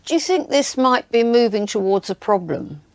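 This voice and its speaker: A woman's voice: on the high side, animated, normal speed, dry recording. A British woman presenting a documentary, putting direct, pointed questions to her guest. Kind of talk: probing documentary interview.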